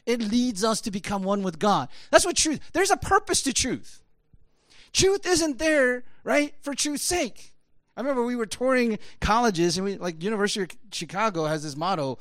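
A man with a high voice preaching an animated, conversational sermon. He keeps checking in with the congregation through rhetorical asides. The recording is dry and close. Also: moderate pace, no echo. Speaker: pastor.

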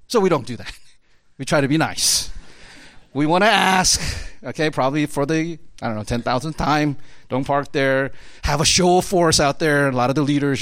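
A man's voice: fairly high pitch, a bit bright, dry recording. A man preaching a conversational sermon as a pastor, casual and chatty, with lots of fillers and frequent laughter.

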